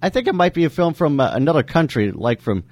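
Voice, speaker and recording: A man co-hosting a casual radio chat in a studio, talking haltingly with many fillers. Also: a little high, sing-song, a little mellow, dry recording. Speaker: radio co-host and guest.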